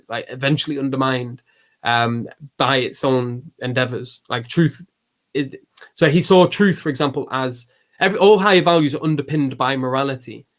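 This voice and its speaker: A man hosting a podcast, explaining philosophy in a loose, thinking-aloud way with many restarts and fillers. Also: medium pitch. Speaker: podcast host. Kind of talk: casual philosophical discussion.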